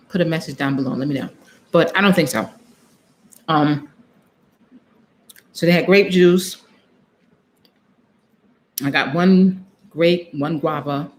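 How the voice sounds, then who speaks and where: A woman's voice: deep voice, slight background noise. A woman vlogger telling a travel story on a live stream, chatty, laughing often and acting out what she said, and talking straight to her viewers.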